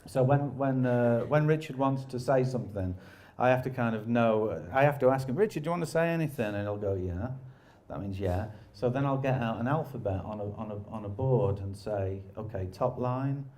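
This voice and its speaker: A man tells stories in loose, rambling chat, mocking himself and laughing as he goes. His voice sits at an ordinary middle pitch with a dark, mellow tone. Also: moderate pace, few pauses. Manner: rambling, self-deprecating, laughs often. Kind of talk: casual anecdotal chat.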